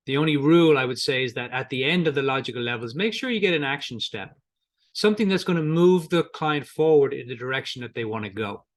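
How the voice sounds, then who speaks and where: This fast-talking, animated man has a mid-range voice. He's a middle-aged coaching trainer giving a conversational lesson, voicing both the coach and the client in brief quoted exchanges, often repeating himself and starting over.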